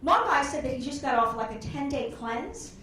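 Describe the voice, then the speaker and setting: A woman's voice: high voice, sing-song, normal speed, pushed and bright, a little hiss or hum. A woman doing a stand-up comedy set on a club stage, telling brash, rambling stories full of quoted voices. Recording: echoey club room.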